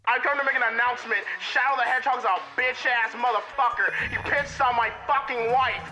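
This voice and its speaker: A man voicing a boastful mad scientist villain in an improvised fan dub, ranting in a gravelly voice. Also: very high voice, fairly even intonation, a little fast, muffled recording. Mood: ranting, crude. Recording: music loud under the voice. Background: loud music.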